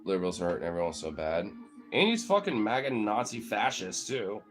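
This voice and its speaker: A man's voice: on the low side, big pitch swings, moderate pace, faint music behind. Heated, foul-mouthed man ranting. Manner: heated, profane and rambling. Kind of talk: casual political rant.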